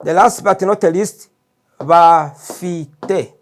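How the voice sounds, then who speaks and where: A male language teacher with a Rwandan accent and a slightly high voice. He speaks very slowly and repeats each word patiently so learners can copy him, in a classroom lesson style. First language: Kinyarwanda.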